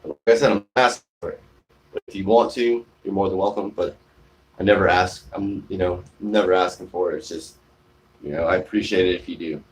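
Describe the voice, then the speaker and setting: A man speaks casually on a live stream, recorded on his phone outdoors on a shaded porch. His voice sits a little low, and he rambles, trailing off and restarting as he answers viewer comments. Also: steady tone, fairly quick. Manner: rambling, many fillers and restarts.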